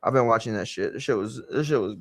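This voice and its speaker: A man's voice: mid-range voice, fast, no echo. A young man casually reacting to wrestling in a slangy, profane, blunt way.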